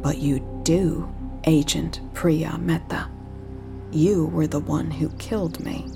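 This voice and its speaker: A woman voicing a mysterious man who quietly accuses the hero in an audio drama. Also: deep voice, fairly even intonation, slow, vocal fry, over music, heavily acted. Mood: accusing.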